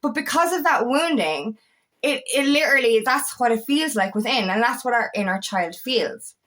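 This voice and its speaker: A woman's voice: a little high, expressive, normal speed, a bit bright. A woman in her thirties or older, an empowerment coach, talking in a raw, earnest and emotional way, swearing freely and repeating words as she shares her own story. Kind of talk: personal vlog talk.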